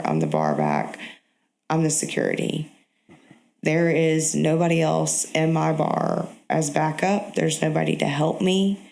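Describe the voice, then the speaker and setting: Gravelly woman, halting and reflective. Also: sits low, darkish tone. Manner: halting, reflective, with many pauses and restarts. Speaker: podcast guest. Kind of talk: personal storytelling in an interview.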